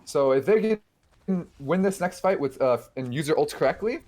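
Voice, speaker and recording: A man casting a live esports match with quick, excitable play-by-play and frequent restarts. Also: a little high. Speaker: esports caster.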